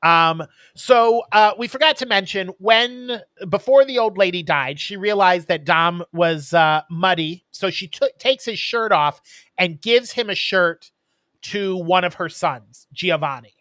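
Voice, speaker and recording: A man's voice: high voice, a little slow, a bit bright, no echo. A man co-hosting a podcast, casually retelling a movie plot in a rambling way with many ums and uhs. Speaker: podcast co-host.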